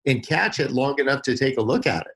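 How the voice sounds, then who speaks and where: A man's voice: medium pitch, animated, quick pace, a bit bright, a little hiss or hum. A man, a podcast guest, giving advice through folksy stories and vivid images. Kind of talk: podcast interview.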